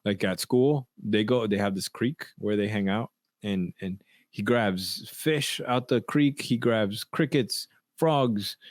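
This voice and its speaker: A low-pitched man chats on a podcast, reflective and easygoing, breaking into laughs and starting sentences over. His voice is close on the mic and dry, with no room sound around it. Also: takes it slowly, no echo. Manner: reflective, laughs often, many restarts. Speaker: podcast co-host. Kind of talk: casual podcast chat.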